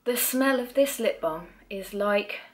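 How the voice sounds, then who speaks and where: A woman's voice: medium pitch, animated, a little slow. Young woman, casual beauty vlogger, chatty and blunt, swears a lot, self-mocking. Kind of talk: casual product review.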